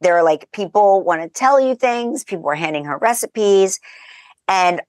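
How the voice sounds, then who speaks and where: Chatty woman telling an animated story. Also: mid-range voice, normal speed, no echo. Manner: animated, chatty, laughs through her stories. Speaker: podcast guest. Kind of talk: casual storytelling chat.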